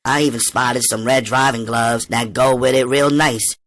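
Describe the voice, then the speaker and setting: Guy putting on a higher, louder voice for a spoiled bossy teen girl, slangy and flashy, audiobook. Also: level tone, moderate pace, no room sound, lightly acted. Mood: brash, coaxing. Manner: slangy, brash, upbeat. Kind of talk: audiobook character reading.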